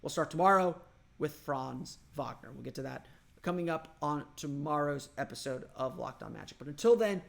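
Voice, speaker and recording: A man's voice: on the high side, expressive, normal speed, gravelly, fairly bright tone. A man from Orlando hosting a solo sports podcast, thinking aloud in a loose, conversational way. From Orlando, Florida. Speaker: podcast host.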